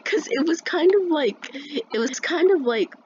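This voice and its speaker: A woman's voice: high-pitched, expressive, unhurried. Rambling, profane woman vlogger. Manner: rambling and profane, with many restarts. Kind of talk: casual storytelling rant. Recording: dull lo-fi sound with faint noise.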